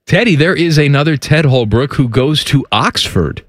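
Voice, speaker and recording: A man co-hosting a podcast, chatting casually in a teasing, deadpan way. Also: on the high side, moderate pace, no room sound. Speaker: podcast co-host. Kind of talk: casual chat.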